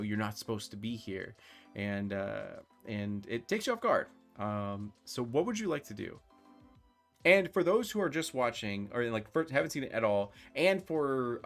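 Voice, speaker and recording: A man hosting and narrating a live-streamed tabletop role-playing game as game master, talking loosely with many fillers. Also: medium pitch. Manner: relaxed, filler-heavy talk.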